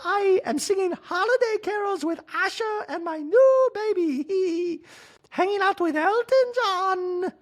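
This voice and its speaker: A man voicing a grandiose, shrill woman ex-cast member who talks in a haughty, exaggerated way. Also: expressive, slow pace, heavily acted.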